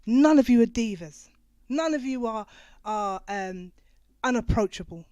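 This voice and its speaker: A woman host chatting with her guests, gushing and emotional, laughing a lot and dropping to a soft, teary voice. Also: a little high, lively intonation, a little slow, dry recording, muffled recording. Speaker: show host. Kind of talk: excited live chat with guests. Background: music playing.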